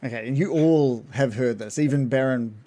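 A man narrating as game master of a tabletop game, relaxed and hesitant with fillers. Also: mid-range voice, normal speed.

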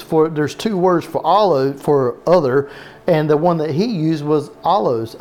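Preaching with a Southern US accent, this man speaks in a somewhat high voice with a dark tone. His folksy sermon stretches words out and keeps asking the congregation questions.

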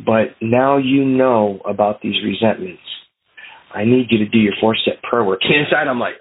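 A husky-voiced man tells his recovery story in an earnest, storytelling way. He acts out his own thoughts along the way. He is heard through a thin, tinny phone line. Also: lowish voice, normal speed. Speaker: meeting host sharing his story. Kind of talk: personal recovery share.

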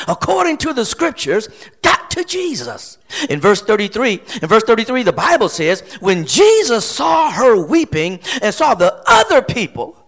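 Animated preaching man, high lively voice. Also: normal speed, vocal fry. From Flint, Michigan. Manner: animated preaching, repeating phrases, rising to shouts. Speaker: pastor. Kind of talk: sermon.

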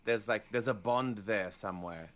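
Bright-voiced man chatting. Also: lowish voice, normal speed. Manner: animated, opinionated, acts out quoted voices. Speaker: podcast co-host. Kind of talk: casual chat.

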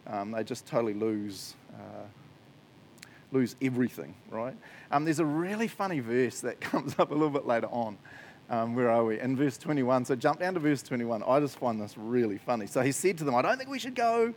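A man's voice: mid-range voice, lively intonation, moderate pace, a little mellow, a little hiss or hum. A man giving a casual, joking sermon, often laughing as he talks. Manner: chatty, jokey, laughs often. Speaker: preacher.

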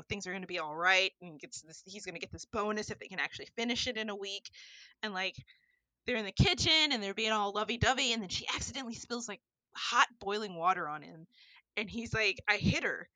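A woman in casual chat, retelling a film plot in an animated way with lots of fillers. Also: medium pitch, dry recording, low-quality recording. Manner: animated storytelling, many fillers.

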